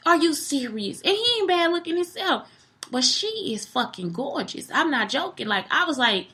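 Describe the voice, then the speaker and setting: A young woman delivers a casual, blunt monologue, swearing freely and animated throughout. Her voice sits high and sounds bright and forward. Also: normal speed.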